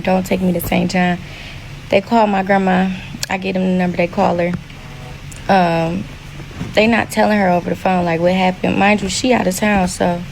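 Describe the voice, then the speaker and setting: A woman's voice: lowish voice, gravelly, darkish tone, slight background noise, rough recording. A young woman telling her own story in a blunt, matter-of-fact way. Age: young adult. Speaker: storyteller in a played clip. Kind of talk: casual storytime.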